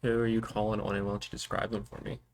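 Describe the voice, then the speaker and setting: A man narrating as game master of a tabletop game, describing scenes calmly. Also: on the low side, fast talker, slight background noise.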